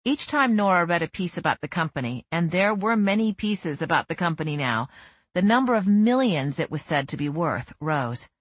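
Female audiobook narrator, measured read, low husky voice, dry close mic. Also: lively intonation, dry recording. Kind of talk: scripted narration.

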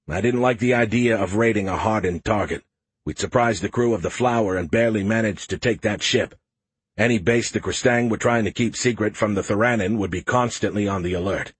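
A man reads a science fiction audiobook with a wry, deadpan delivery. His voice is on the low side and a little husky. The recording is close and dry. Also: brisk, no room sound. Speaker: audiobook narrator. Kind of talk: scripted narration.

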